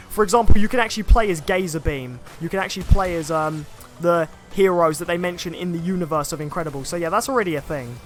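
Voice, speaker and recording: A young man with a high-pitched, slightly bright voice chats casually while streaming a video game, rambling and reading viewer comments out loud. Faint game music plays behind him.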